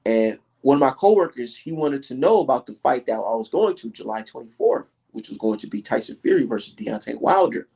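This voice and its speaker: A young man hosting a casual livestream, telling stories in an emphatic, profane, animated way. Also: mid-range voice, a little fast, creaky, few pauses, breathy edge. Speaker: livestream host.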